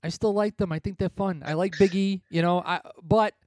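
A man's voice: high voice, fairly even intonation, a little fast, a little mellow, dry recording. Rambling, blunt man with a dry close sound. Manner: rambling, blunt, laughs often. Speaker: podcast co-host. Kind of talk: casual chat.

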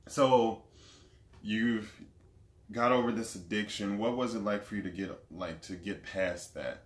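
A man hosting an interview, asking gentle questions and affirming the guest often. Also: fairly low pitch, steady tone, a little slow, reverberant. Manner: supportive, with frequent affirmations. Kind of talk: podcast interview.

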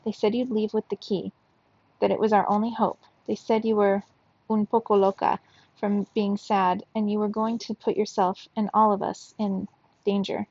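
A woman reading as a timid, hushed young boy. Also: mid-range voice, little pitch movement, normal speed, slightly rough, no room sound, dull audio. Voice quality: soft, hushed.

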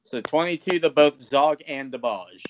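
A man acting as game master, calling for rolls and giving quick rulings. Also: a little high, highs cut off. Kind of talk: running a tabletop game. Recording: background noise.

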